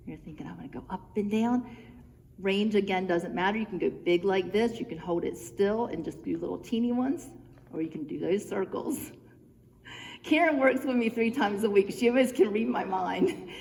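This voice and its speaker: A woman coaches a home workout at a steady middle pitch, cueing each move in an encouraging, chatty way while a little out of breath. Her voice rings with a long reverb, and a faint hum sits behind it. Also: vocal fry. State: a bit out of breath. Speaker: fitness instructor. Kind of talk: guided home exercise instruction. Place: church room, indoors. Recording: reverberant room with faint background noise.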